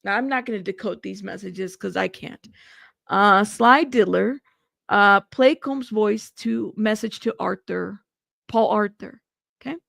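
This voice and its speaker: A young woman with a gravelly, medium-pitched voice hosts live news commentary. She reads out court updates and reacts with laughs and side remarks, and the studio-quality recording has no room sound.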